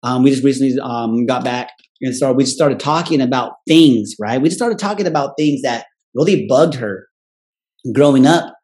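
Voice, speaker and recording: A man tells a candid personal story in loose, profane, blunt talk, ending almost every phrase with a questioning "right?" He briefly slips into his relatives' voices when quoting them, speaking animatedly in a medium-pitched, slightly mellow voice.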